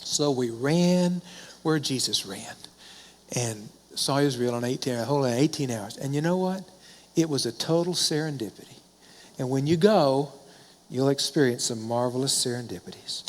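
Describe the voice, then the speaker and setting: A man's voice: mid-range voice, moderate pace. A middle-aged man, a pastor, preaching a sermon in a conversational storytelling way, asking questions and answering them himself. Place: church sanctuary. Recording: long hall reverb.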